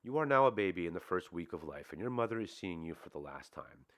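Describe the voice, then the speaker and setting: Man reading calm hypnotherapist, very deep voice, steady questions. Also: quick pace. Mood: guiding. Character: calm male hypnotherapist guiding a session.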